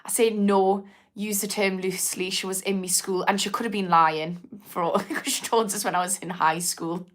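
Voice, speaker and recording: Speaking at normal speed in a steady, mid-range voice with a fairly bright tone, a young Geordie woman from Newcastle rambles and laughs through a casual livestream chat while reading viewers' comments aloud.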